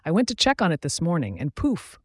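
A gruff, wise old bear from a bedtime storybook, speaking gently, as a man puts him on. The voice sits close and dry. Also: on the high side, huge pitch swings, brisk, dry recording, voice pushed up. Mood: worried. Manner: worried, gentle.

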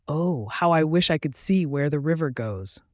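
A man voicing a tiny, curious young female leaf in a bedtime story, gentle and eager, in a dry, close recording. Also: fairly high pitch, expressive, moderate pace, no echo, natural voice. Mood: wistful.

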